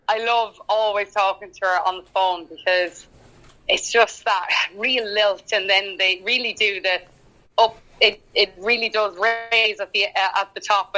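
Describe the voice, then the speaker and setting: An Irish woman in a casual podcast chat, talky and quick to laugh, with lots of fillers. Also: mid-range voice, pushed and bright, poor audio. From Ireland. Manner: chatty, laughs often, halting with fillers. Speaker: guest singer-songwriter.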